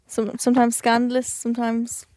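A woman's voice: on the high side, monotone, normal speed, a little mellow, dry recording, studio quality. A young woman with a Dublin Irish accent, co-hosting a podcast and telling stories in casual chat, swearing now and then. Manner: chatty storytelling, swears casually. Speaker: podcast co-host.

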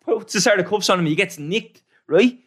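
A man's voice: sits high, animated, moderate pace, breathy edge. A young Irish man telling a brash, slangy story in casual chat.

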